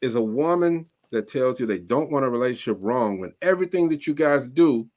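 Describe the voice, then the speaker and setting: A man co-hosting a live relationship chat in an even middle register. He talks in an animated, emphatic way, stacking repeated words to drive a point home. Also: mid-range voice, a little fast, dry recording. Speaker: co-host. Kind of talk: casual panel chat.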